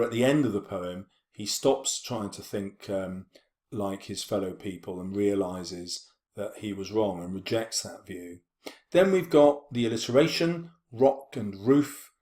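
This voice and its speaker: A man with a fairly low voice, giving a literature lesson. He explains in a steady, measured way, filling pauses with ums and drawing out the words he quotes. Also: echoey room. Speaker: English teacher.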